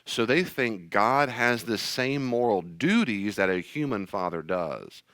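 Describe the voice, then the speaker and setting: Male pastor teaching, blunt and emphatic, with an animated, swinging delivery and dry, close sound. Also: fairly low pitch, measured pace, no echo. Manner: emphatic, blunt, acts out scenes. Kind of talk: sermon-style teaching talk.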